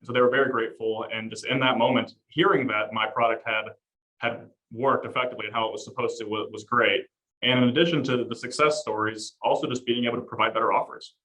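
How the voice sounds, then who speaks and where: Male security salesman on a panel, quick and eager, bright-voiced. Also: medium pitch, fairly even intonation, low-quality recording. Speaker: home security sales guest. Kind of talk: panel conversation.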